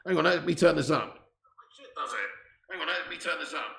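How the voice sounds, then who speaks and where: A man's voice: a little high, expressive, moderate pace, creaky, bright, forceful tone. A man hosting a live football watch-along, chatting casually, laughing often and reading out viewer messages, on a mic placed far away. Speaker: live stream host. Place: room indoors. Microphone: laptop mic set far away with gain turned up. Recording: echoey room.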